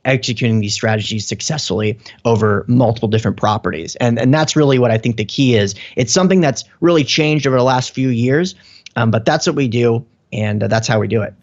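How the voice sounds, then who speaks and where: A man's voice: mid-range voice, fairly quick, muffled recording. A man speaking as a real estate investor guest on a podcast, explaining at length with fillers. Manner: talks in long explanatory runs with fillers. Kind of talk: casual interview chat.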